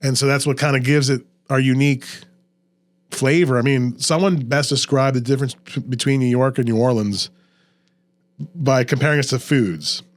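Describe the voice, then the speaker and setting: A man's voice: mid-range voice, fairly even intonation, normal speed. A man from Louisiana hosting a casual podcast chat, explaining local history and pronunciations at length. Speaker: podcast host.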